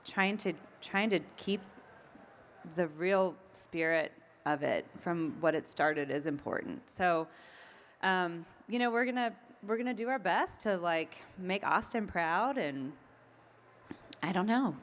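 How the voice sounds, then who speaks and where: A woman's voice: on the low side, animated, measured pace. A woman being interviewed, telling stories in a chatty way with frequent ums and laughs. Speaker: event organizer. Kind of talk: casual interview.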